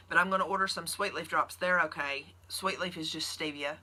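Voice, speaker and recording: A woman's voice: low-pitched, pushed and bright. A woman with a Southern US accent, chatting casually on a livestream and answering viewer questions as a keto nurse.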